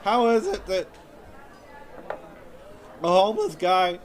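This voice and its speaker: A man with a high voice delivers a whiny, self-pitying stand-up set at an unhurried pace. Loud audience laughter and steady background noise fill the recording. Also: a faint crowd. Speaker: stand-up comedian. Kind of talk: stand-up comedy monologue.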